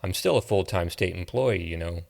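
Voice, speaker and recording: Give me a man playing a sincere, soft-spoken young man with a low, gravelly voice. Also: normal speed. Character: sincere, quiet young small-town man.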